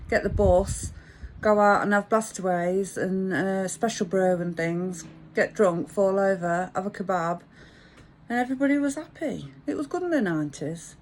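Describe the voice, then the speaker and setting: A woman's voice: mid-range voice, moderate pace, a little hiss or hum. A woman, telling a rambling, frank anecdote in a chatty way. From English Midlands. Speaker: vlogger. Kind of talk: casual storytelling monologue.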